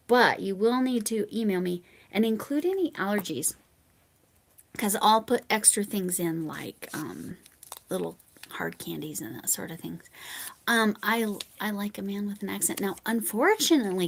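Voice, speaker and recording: An American woman hosting a livestream, chatting casually with viewers and reading their comments. She rambles and drifts into soft mumbled asides. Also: mid-range voice, vocal fry. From United States. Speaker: livestream host.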